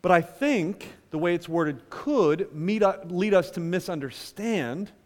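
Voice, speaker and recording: A man preaching a sermon as pastor, swinging between loud emphatic lines and hushed asides. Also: sits high, expressive, measured pace, big-room sound.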